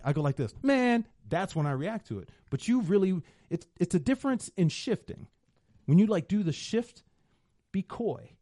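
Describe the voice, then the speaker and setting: Animated, profane man in banter. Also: high-pitched, dry recording, studio quality. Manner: loud, profane, does quick impressions and voices while arguing. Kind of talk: crude casual chat among friends.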